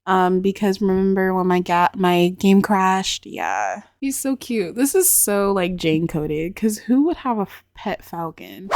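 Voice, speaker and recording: A chatty, excitable young woman commenting on a life-sim game and spinning a story around it, with many fillers. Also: lowish voice, no room sound, studio quality. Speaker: gaming YouTuber. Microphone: desk microphone.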